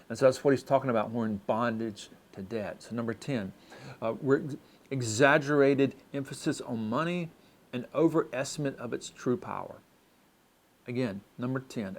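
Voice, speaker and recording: A man's voice: medium pitch, brisk. A man preaching a sermon as pastor, in a conversational way, often restarting his sentences.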